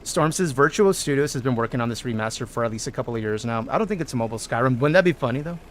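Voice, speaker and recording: A man talks very fast at medium pitch into a desk mic that picks up a slight hiss or hum. He's streaming a game and joking around with viewers, greeting them, reading chat aloud, humming, and letting out yells when hyped.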